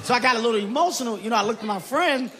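A man telling an animated comedy story on stage, laughing through it. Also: very high-pitched, racing. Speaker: stand-up comedian. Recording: live crowd and background noise. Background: audience laughter.

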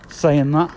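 Out on a walk around the block, a podcast host in his 30s rambles casually and repeats himself. His fairly high voice has a darkish tone, with a little hiss or hum in the recording.

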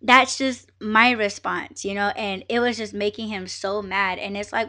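A woman hosting a podcast, telling a story in a casual, animated and profane way, with many fillers and acted-out exchanges. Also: fairly high pitch, moderate pace. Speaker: podcast host.

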